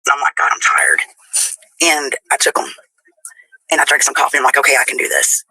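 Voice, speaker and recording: A woman with a husky voice tells a rambling personal story in a played clip, laughing as she goes. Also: a bass voice, fairly even intonation, fast talker, sharp tone, no echo, low-quality recording.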